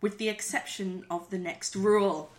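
A woman's voice: medium pitch, fairly even intonation, normal speed. A woman with a Geordie accent in casual chat, giggling often and reading tips aloud from a website.

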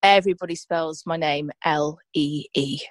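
A woman's voice: sits low, steady tone, normal speed, dry recording. A woman from Yorkshire who works as a radio presenter, chatting and telling stories with easy laughs. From Yorkshire, England. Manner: chatty, laughs easily, storytelling. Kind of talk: casual chat interview.

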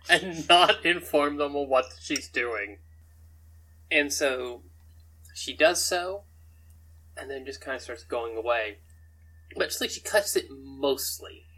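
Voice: mid-range voice, bright, forceful tone, slight background noise, rough recording. A game master narrating a tabletop game in a rambling way, often chuckling between descriptions.

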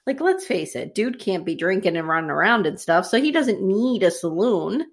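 Animated woman recapping a show. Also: medium pitch, moderate pace. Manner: animated, jokey storytelling. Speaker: podcast co-host recapping a TV episode. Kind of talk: casual chat.

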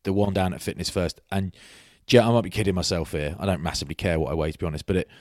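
Deep-voiced bloke rambling through stories on a rugby podcast, matey, dry close mic. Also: male voice, steady tone, rapid-fire, a little mellow, dry recording. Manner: rambling anecdotes, matey banter. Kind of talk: casual chat.

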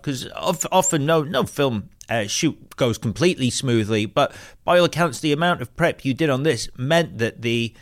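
A man hosting a film interview, asking long, winding questions with fillers. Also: medium pitch. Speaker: interview host.

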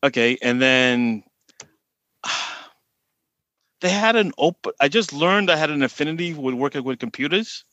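A man's voice: fairly high pitch, animated, moderate pace, long pauses, bright, forceful tone, no room sound, muffled recording. A man with a Boston accent, a podcast guest telling stories in a rambling way and often repeating words. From Boston area. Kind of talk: casual chat.

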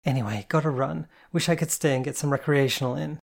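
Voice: mid-range voice, quick pace, vocal fry. A reader voicing a playful, flirty woman who calls everyone darling. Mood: chirpy. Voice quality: chirpy, camp endearments. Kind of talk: audiobook character voice.

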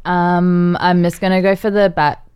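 A woman's voice: on the low side, little pitch movement, normal speed, darkish tone, smooth. A woman comedian contestant chatting casually, rambling with giggles and trailing off. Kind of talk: casual banter.

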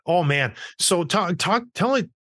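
A man in his thirties co-hosting a hockey talk podcast, talking in animated, ranting bursts. His pitch swings widely as he tells his stories. The sound is close and dry. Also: slow pace, no echo. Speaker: podcast co-host.

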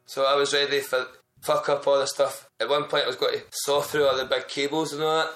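A man's voice: mid-range voice, flat delivery, fairly quick, a bit bright, soft background music. A man telling a long, rambling, sweary workplace story in casual podcast chat. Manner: sweary, rambling anecdote with frequent restarts. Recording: roomy echo.

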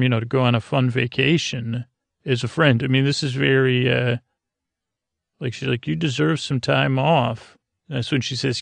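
Man, podcast host, gravelly, dry close sound, meandering sleepy recap. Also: mid-range voice, no room sound. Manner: rambling, meandering retelling. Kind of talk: sleepy episode recap for bedtime listening.

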